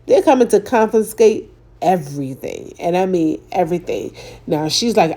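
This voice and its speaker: A woman's voice: medium pitch, big pitch swings, measured pace, warm tone. A woman casually recapping a TV drama episode, acting out the characters' lines and adding exasperated asides. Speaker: TV recap reviewer.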